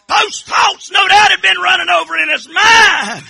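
A man preaching with a strikingly high, bright voice that keeps breaking into fervent shouts. He drags his words out slowly, pleading and crying out as the sermon builds. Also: creaky, some chatter behind. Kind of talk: impassioned sermon.

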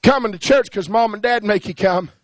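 A man preaching a sermon, swinging from hushed pleading to rising, shouted cadences. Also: sits high, a little fast, no echo.

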